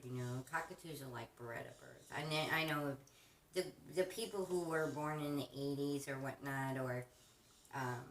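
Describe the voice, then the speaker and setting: A woman hosting a craft channel, chatting casually and rambling with frequent restarts while she crafts. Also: rumbling low. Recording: roomy, distant mic with faint noise.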